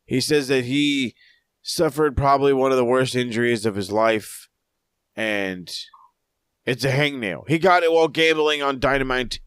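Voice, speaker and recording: Male co-host, casual rambling recaps with crude jokes, mid pitch, dry close sound. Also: fairly even intonation, moderate pace, fairly bright tone, clear, resonant tone, no room sound. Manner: rambling, profane, jokey recaps. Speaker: podcast co-host. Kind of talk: casual wrestling review chat.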